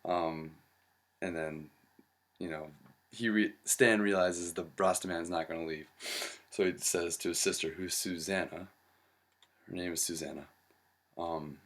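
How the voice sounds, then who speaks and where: A young man casually pitching a comedy sketch storyboard, rambling with lots of fillers and acting out the lines. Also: steady tone, a little slow, long pauses, fairly bright tone.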